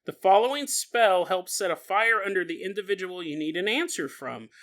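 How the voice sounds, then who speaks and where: A man hosts a solo podcast in a high, tense, bright voice. He jokes his way through a reading, laughing often and slipping into mock-dramatic voices. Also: lively intonation, moderate pace. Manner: jokey, laughs often, riffs while reading aloud. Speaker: podcast host. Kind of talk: comedic podcast monologue.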